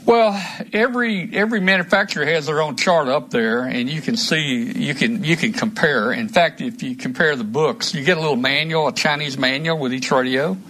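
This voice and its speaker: A man's voice: fairly high pitch, moderate pace, hardly any pauses, sharp tone. A man hosting a casual live stream, rambling through gear talk with many restarts. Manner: rambling, restarts often, trails off. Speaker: host of a radio hobby live stream.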